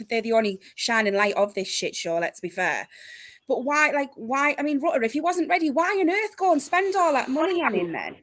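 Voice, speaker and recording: A woman's voice: high voice, fairly bright tone, dry recording, clean studio sound. A woman football fan complaining in exasperation during casual chat.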